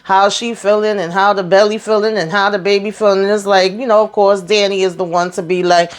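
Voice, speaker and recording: Woman doing a chatty tv recap, slangy, acts out everybody's lines, middle pitch. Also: fairly even intonation, brisk. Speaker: TV recap host. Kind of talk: casual episode recap.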